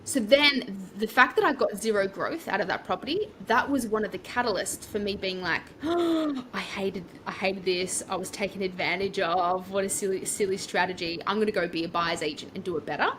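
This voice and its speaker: A young Australian woman talking as a podcast guest, telling her story in a chatty, rambling way with lively asides. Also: mid-range voice, brisk, few pauses, a little hiss or hum. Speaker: property coach, podcast guest. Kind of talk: casual storytelling interview.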